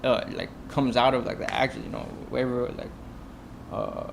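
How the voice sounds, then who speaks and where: A man's voice: mid-range voice, huge pitch swings, moderate pace, creaky, a little hiss or hum. A man, a film director, telling stories from his shoots in a loose, casual way, with lots of "like", "you know" and swearing. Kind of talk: casual podcast storytelling.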